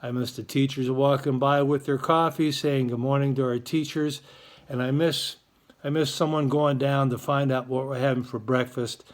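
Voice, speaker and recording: A man's voice: mid-range voice, level tone, moderate pace. A man hosting his school's morning announcements, chatty and encouraging toward students and parents. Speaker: school morning show host.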